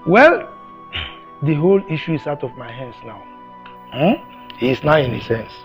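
A lively-voiced family elder. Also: male voice, a little high, moderate pace, soft background music, poor audio. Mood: reasoning. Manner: weary, reasoning. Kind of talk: film drama acting.

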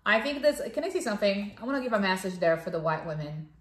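A woman co-hosting a podcast in casual chat, talking in an animated way with many fillers. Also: medium pitch, fast. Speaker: podcast co-host. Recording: echoey room.

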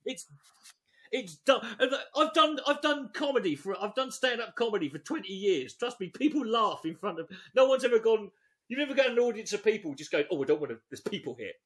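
A man's voice: very high-pitched, a little fast. A man, a comedian co-hosting, mocks a dating guide sarcastically and swears freely. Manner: sarcastic, swears a lot, lively. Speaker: comedian co-host. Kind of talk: comic reading and mocking a dating guide.

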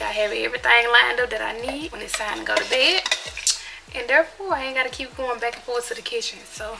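Animated young woman vlogging over background noise. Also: on the high side, vocal fry. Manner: animated and emphatic, laughing often, loud when the baby cries. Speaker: vlogger babysitting her niece and nephew. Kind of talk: casual vlog talk to viewers.

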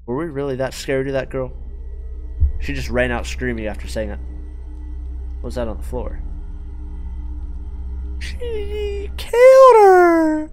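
A man's voice: medium pitch, fairly even intonation, normal speed, long pauses. A man in a mid-range voice keeps up a loose, joking commentary while he plays a game, often talking straight to the characters. He speaks into a desk microphone at home, with faint game music underneath. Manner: chatty, jokey, talks to game characters. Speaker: gaming YouTuber. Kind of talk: casual let's-play commentary.

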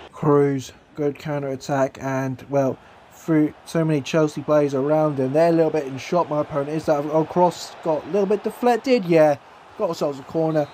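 High-voiced guy calling his own football game, gets hyped fast, faint hum behind. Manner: excitable, jumps between play-by-play and asides. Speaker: gaming YouTuber. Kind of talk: live gameplay commentary.

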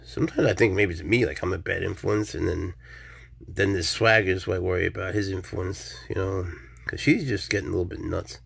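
A man filming a casual vlog at home with his pets, muttering asides and breaking into excited baby talk with his cat. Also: low-pitched, brisk, creaky, breathy edge. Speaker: pet vlogger. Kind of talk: casual handheld vlog narration.

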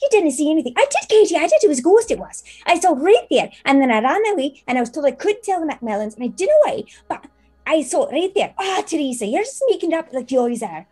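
A woman voicing two chattering, bickering teenage maids in high, squealing voices. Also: sing-song, quick pace, a little mellow. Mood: giggly bickering.

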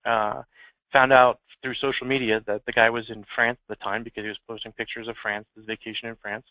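A man explains security threats in a loose, storytelling way, his words tumbling out quickly. The sound is narrow and tinny, like a phone line, and completely dry with no room around it. His pitch sits in an ordinary middle range. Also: little pitch movement, no room sound. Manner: informal anecdotal storytelling. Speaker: security trainer. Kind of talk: conversational training presentation.

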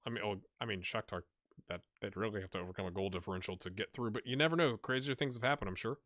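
A man's voice: lowish voice, fast, a bit bright, dry recording, studio quality. Chatty man thinking aloud over a game. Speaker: gaming channel host. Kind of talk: casual let's-play commentary.

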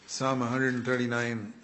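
An older man preaching a sermon in an earnest, pleading way, often clearing his throat. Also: mid-range voice, steady tone, a little slow, a bit bright, slight background noise. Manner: earnest, pleading, with quoted prayers.

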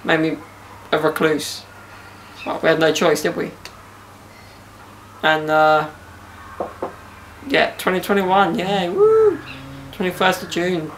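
Gravelly young man, joking. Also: a little high, steady tone, moderate pace, a bit bright, a little hiss or hum. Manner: joking banter with slang. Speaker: podcast host. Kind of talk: casual podcast chat. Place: outdoors in a garden.

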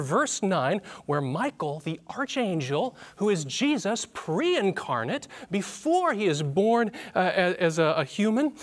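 A man with a fairly high voice teaches a Bible lesson in a church. He reads scripture and explains it conversationally. He asks the audience questions and adds light humor. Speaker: Bible study panelist.

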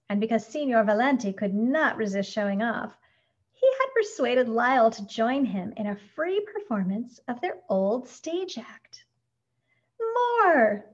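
Woman reading a picture book aloud. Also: fairly high pitch. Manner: gentle, expressive read-aloud. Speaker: storyteller. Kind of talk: scripted storybook narration. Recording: dull lo-fi recording.

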